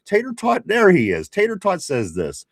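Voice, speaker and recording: A man's voice: high voice, moderate pace, creaky, dry recording, clean studio sound. A man with a Pittsburgh accent co-hosting a live sports talk show, reading viewer comments and joking around. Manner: animated, reads viewer comments, jokes around. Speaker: podcast co-host reading chat.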